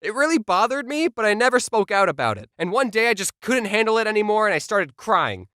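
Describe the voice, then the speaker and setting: A young man telling comedic childhood stories in a sarcastic, animated scripted style. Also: sits high, fairly quick, no echo, studio quality. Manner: sarcastic, animated, jumps between voices. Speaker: comedy YouTuber.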